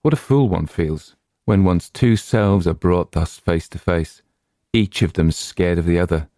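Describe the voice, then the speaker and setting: A man narrating a short horror story in a measured, deliberate way. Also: deep voice, creaky, warm tone, no echo, clean studio sound. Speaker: story reader.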